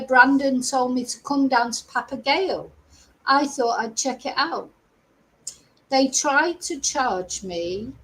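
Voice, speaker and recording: An older woman hosts a true crime live stream, her high-pitched voice coming through a rough recording. Her casual commentary is chatty, exasperated and rambling, full of frequent asides.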